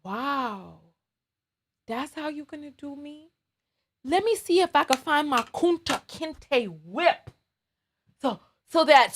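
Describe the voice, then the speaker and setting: A woman's voice: very high voice, a bit bright. A woman hosting a casual live stream while doing her makeup, teasing viewers in a playful, dramatic way.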